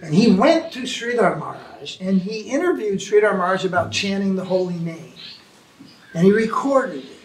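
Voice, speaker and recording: A man answering questions as a spiritual teacher in an informal talk, animated, sometimes imitating chanting. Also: high-pitched, moderate pace, a little hiss or hum. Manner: animated storytelling, mimics chanting. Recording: echoey room from far off.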